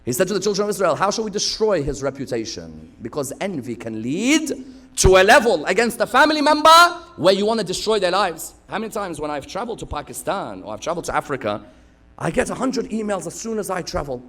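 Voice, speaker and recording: A man preaching a sermon, telling stories with acted-out quotes and sudden loud bursts. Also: sits high, sing-song, fast talker. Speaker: preacher giving a Muharram lecture.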